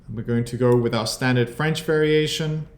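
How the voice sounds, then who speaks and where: A man's voice: medium pitch, steady tone, moderate pace, roomy sound. A South African man from South Africa, a chess streamer chatting casually and thinking aloud about his moves as he plays. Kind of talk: casual commentary over his own chess game.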